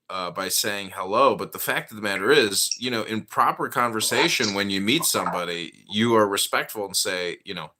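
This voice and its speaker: Deep-voiced, measured man host. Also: bright, forceful tone. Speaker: podcast host. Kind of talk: casual chat.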